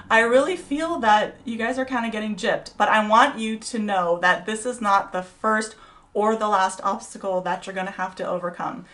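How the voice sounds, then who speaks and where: A middle-aged woman speaks at a college vespers service in a relaxed devotional talk. She sounds chatty and encouraging, with plenty of ums and likes, at a mid pitch. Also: normal speed. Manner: warm, chatty and encouraging, with many fillers.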